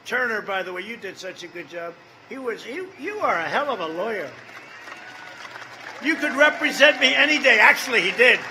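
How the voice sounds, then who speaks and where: A man's voice: high voice, pushed and bright, slight background noise, poor audio. A man in his seventies giving a campaign rally speech, rambling and repetitive, with off-the-cuff asides to the crowd. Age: 70s. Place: large rally venue.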